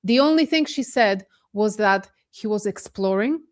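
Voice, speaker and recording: A woman from Poland, a guest on a casual podcast discussion, talking with animated, incredulous emphasis over a remote call. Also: mid-range voice, normal speed. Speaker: guest commentator.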